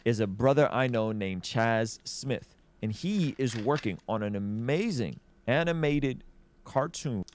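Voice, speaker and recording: A man's voice: mid-range voice, lively intonation, unhurried, slight background noise. A man giving casual video commentary, upbeat and promotional, often correcting himself mid-sentence. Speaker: online commentator.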